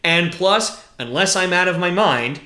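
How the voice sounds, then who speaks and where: A man's voice: high-pitched, expressive, a little slow, pushed and bright, echoey room. A man co-hosting a podcast, chatting casually about wrestling in a rambling way, often hedging and correcting himself. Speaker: podcast co-host.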